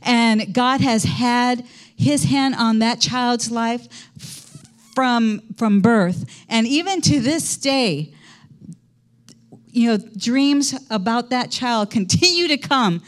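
A middle-aged woman pastor with a high voice gives a conversational sermon in a church. She tells stories in a chatty way and keeps asking her congregation questions. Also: takes it slowly. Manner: conversational preaching, quizzing the congregation.

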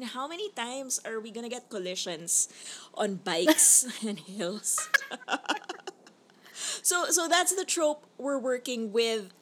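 Rambling, hesitant woman co-host. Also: mid-range voice. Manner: rambling, hesitant, full of fillers. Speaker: podcast co-host. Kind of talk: casual chat reviewing movies.

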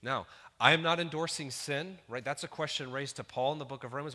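A man's voice: medium pitch, fairly quick, bright, forceful tone, big-room sound. A man in his thirties preaching a sermon in an earnest, conversational way, building to emphatic peaks. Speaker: pastor.

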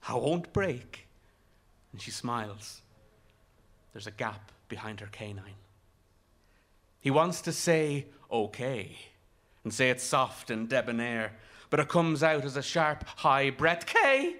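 Unhurried man narrating a story. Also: medium pitch, fairly bright tone. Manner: measured and vivid, with rhythmic delivery. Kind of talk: literary audiobook narration.

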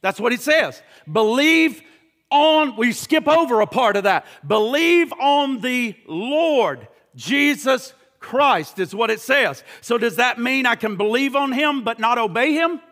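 A man's voice: very high-pitched, animated, normal speed, hardly any pauses. A man preaching a sermon, emphatic and pressing, stumbling over repeated words and firing rhetorical questions at his listeners. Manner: shouts at points.

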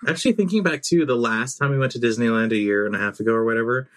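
A man co-hosting a podcast, telling stories in a relaxed, rambling way. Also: mid-range voice, rapid-fire. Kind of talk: casual chat.

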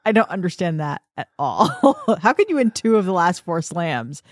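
A woman's voice: lowish voice, big pitch swings, no echo. Opinionated woman host, dry sound. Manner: opinionated, quick to laugh. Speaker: tennis podcast host. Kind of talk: casual chat.

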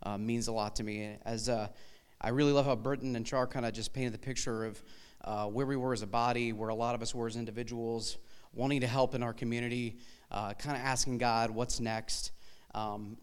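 A man's voice: medium pitch, fairly even intonation, a little fast, clean tone. A man giving a conversational talk to a church congregation, with frequent fillers. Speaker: guest church speaker.

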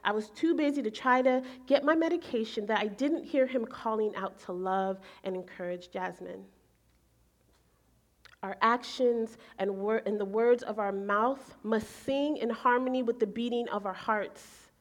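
A woman in her forties preaching, telling a personal story in an animated way and acting out her own thoughts. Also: on the high side, unhurried. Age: 40s. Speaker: pastor. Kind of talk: sermon storytelling.

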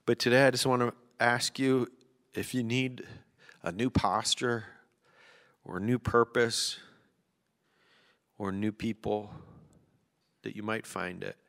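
A man's voice: mid-range voice, steady tone, slow, vocal fry, long pauses, fairly bright tone. A man preaching a sermon, chatty and joking at times, then reading poetry with emphasis. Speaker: pastor. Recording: long hall reverb.

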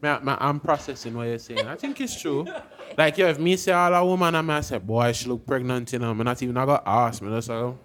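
A young man with a Jamaican accent, co-hosting a casual podcast chat and acting out quotes in lively voices. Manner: animated, acts out quotes in high voices. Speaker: podcast co-host.

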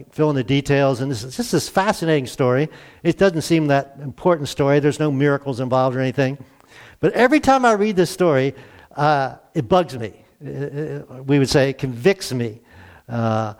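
Conversational man preaching a sermon. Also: a little high. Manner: conversational, asks the audience questions, chuckles often. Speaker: pastor. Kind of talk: casual sermon.

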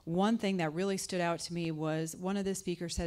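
A woman's voice: steady tone, brisk, darkish tone. A woman preaching a conversational sermon, asking the listeners questions and acting out scripture voices. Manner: conversational, asks the audience questions; acts out scripture voices with pitch jumps. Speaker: guest speaker.

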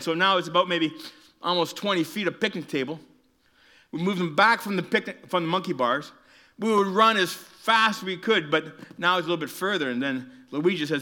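A Canadian man with a slightly high voice preaches a sermon at normal speed, pausing often. As an animated storyteller, he recounts a childhood story, acting out voices and whispering asides for emphasis.

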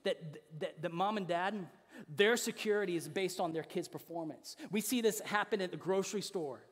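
High-voiced earnest man preaching in a reverberant hall. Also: moderate pace. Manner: earnest and emphatic, repeats key phrases, drops soft and low for emphasis. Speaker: pastor. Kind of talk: sermon.

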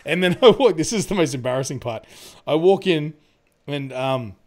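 A man's voice: a little high, animated, normal speed. A young adult man chatting casually about a film, rambling with lots of fillers, laughing often and swearing freely. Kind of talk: casual movie review chat.

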